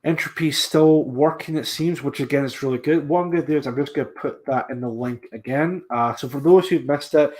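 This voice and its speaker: A man's voice: a little high, brisk, hardly any pauses, a little mellow. A man hosting a casual livestream, talking in a rambling way, repeating himself and making scornful asides. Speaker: livestream host.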